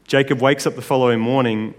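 A man's voice: mid-range voice, fairly even intonation, fast. A man preaching a sermon in a casual, conversational way, often checking in with his listeners. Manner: casual, conversational, with tag questions. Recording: long hall reverb.

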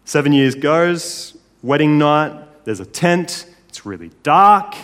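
A man's voice: a little high, expressive, slow pace, fairly bright tone. A man preaching a sermon in a casual, conversational way, often checking in with his listeners. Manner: casual, conversational, with tag questions. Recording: long hall reverb.

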